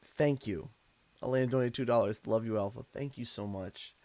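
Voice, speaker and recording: A man's voice: mid-range voice, normal speed, dark tone, no echo. A man from Canada chatting on a live stream, emotional and effusive, often stammering and repeating himself. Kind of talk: casual live-stream chat.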